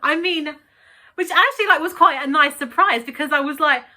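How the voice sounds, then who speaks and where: A woman's voice: high-pitched, fairly quick, sharp tone. A woman chatting in a casual vlog, giggly and filling her talk with "like". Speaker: YouTuber.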